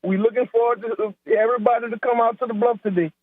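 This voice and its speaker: A man with a South Louisiana accent, a head track coach, talking in a relaxed, rambling way and repeating words in a phone-in interview. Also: extremely high pitch, fast, dry recording. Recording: tinny phone line.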